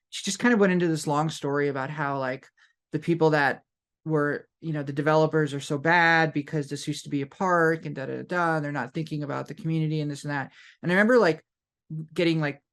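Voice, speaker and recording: A man's voice: a little high, fairly even intonation, fast, fairly bright tone. A man co-hosting a podcast in casual chat, rambling with frequent "like" and "you know". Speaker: podcast co-host.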